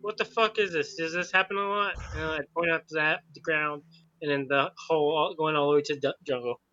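A man playing in a tabletop game, excitable and brash. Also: a little high, fairly quick, dull audio. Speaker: player.

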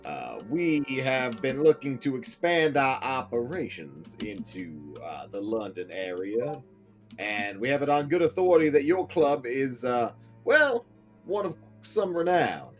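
A man's voice: mid-range voice, very animated, unhurried, lo-fi sound, soft background music, pitched above the performer's own voice. A man voicing a smarmy con man posing as a fancy businessman, speaking pompously. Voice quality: pompous, showy.

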